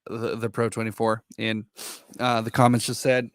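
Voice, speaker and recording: A man co-hosting a podcast, talking casually about a film in relaxed back-and-forth. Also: mid-range voice, clean tone, no echo, clean studio sound. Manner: relaxed, agreeable, quick back-and-forth replies. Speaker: podcast co-host.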